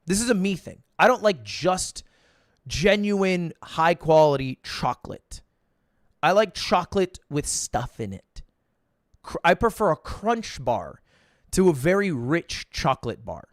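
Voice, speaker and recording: A young American man streaming, chatting casually and jokily, breaking into loud outbursts now and then. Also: fairly high pitch, no room sound, clean studio sound. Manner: animated, jokey, swings into loud outbursts. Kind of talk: casual livestream chat.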